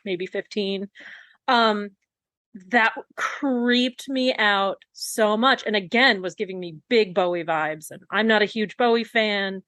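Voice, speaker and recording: A woman's voice: medium pitch, fairly bright tone, no room sound. A woman co-hosting a podcast, giving her opinions bluntly and emphatically. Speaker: podcast co-host. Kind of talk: casual podcast chat.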